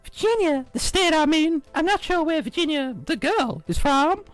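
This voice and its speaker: A man voicing a chirpy, excitable teenage witch girl in a high falsetto while reading a visual novel aloud. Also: normal speed, no room sound, faint music behind. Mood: excited.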